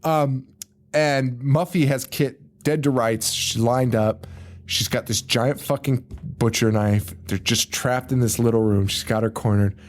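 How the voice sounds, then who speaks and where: A man's voice: mid-range voice, a little slow. A man co-hosting a podcast, telling a movie plot in casual chat, acting out the characters' screams and lines with swearing and laughter. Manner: animated storyteller who acts out characters with screams and laughs; swears freely. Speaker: podcast co-host.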